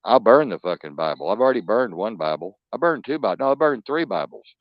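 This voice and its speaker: Low-voiced profane ranting man, dull dry audio. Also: sing-song, a little fast, no echo. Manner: blunt, profane, rambling, emphatic. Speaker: podcast host. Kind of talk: profane ranting talk show monologue.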